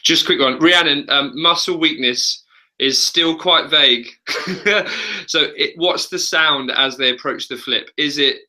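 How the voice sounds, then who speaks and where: Male vocal coach, very bright forward tone, chatty and loose, casual webinar talk. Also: on the high side, a little slow. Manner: chatty, laughs often.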